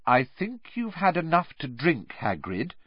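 A male narrator lifts his voice into an anxious, earnest schoolgirl, pitched well up and speaking slowly and carefully. The storybook reading sounds dry and slightly dull. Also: huge pitch swings, husky, dry recording, heavily acted.

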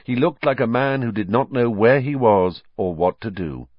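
A man narrating a storybook in an expressive, varied reading. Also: mid-range voice, normal speed, dry recording. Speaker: audiobook narrator. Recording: dry, slightly muffled recording.

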